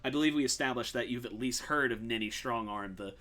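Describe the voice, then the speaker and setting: A man's voice: mid-range voice, brisk, pushed and bright. A man narrating as game master of a tabletop game in a casual, rambling way with many fillers.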